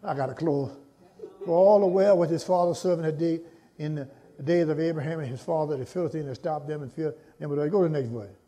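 A man preaching a sermon, calling to the congregation for answers and climbing into shouts. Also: on the high side, quick pace. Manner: call-and-response preaching, rising to shouts.

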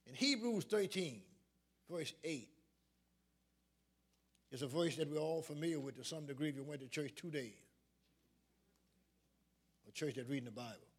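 A man's voice: fairly high pitch, lively intonation, moderate pace, long pauses, slightly rough. A man preaching a sermon as pastor, calling out questions to his congregation and building up to emphatic points. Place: church sanctuary.

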